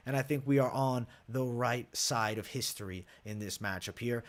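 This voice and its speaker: A man's voice: medium pitch, moderate pace, hardly any pauses. Young guy hosting a late night fight stream, hyped and cussing a lot, reading off chat. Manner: brash, profane, hyped, reads chat aloud. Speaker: MMA livestream host. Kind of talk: casual live betting breakdown.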